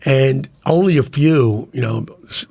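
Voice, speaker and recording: A man's voice: medium pitch, unhurried, mellow, dry recording. A middle-aged man, a podcast guest, talking in casual conversation and rambling with many restarts. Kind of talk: casual chat.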